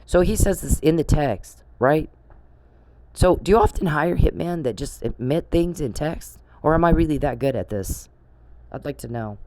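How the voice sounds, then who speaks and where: A woman's voice: low-pitched, expressive, normal speed, dark tone, slight background noise. A middle-aged woman giving an angry monologue to camera, confrontational and sarcastic, swearing and firing off rhetorical questions. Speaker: vlogger.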